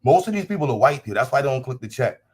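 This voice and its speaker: Rapid-fire and sing-song, his medium-pitched voice carries a breathy edge. He hosts a livestream, talking casually to chat in a blunt, profane, combative way and repeating phrases for emphasis.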